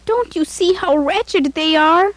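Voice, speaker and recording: Woman playing a gentle pleading young maid. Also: takes it slowly, no echo. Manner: soft, high and pleading.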